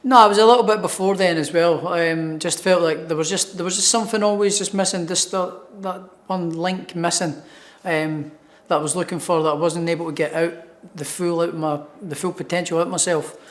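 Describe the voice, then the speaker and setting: A man's voice: on the high side, steady tone, a little fast. A man with a Scottish accent, a professional boxer answering interview questions in an upbeat way and repeating words as he starts his thoughts. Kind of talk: sports interview.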